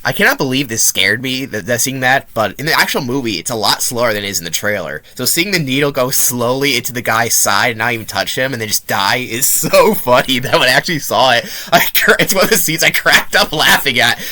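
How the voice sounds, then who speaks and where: A man's voice: medium pitch, expressive, a little fast, few pauses, pushed and bright, no room sound. A young man giving a casual, sarcastic and profane movie review. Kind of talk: casual film review commentary.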